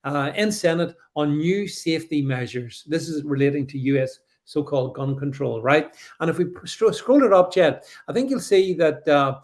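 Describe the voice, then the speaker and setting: A middle-aged man from the UK hosting a live stream, reading viewer comments and reacting with sarcastic, animated commentary full of restarts. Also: a little high, normal speed, hardly any pauses.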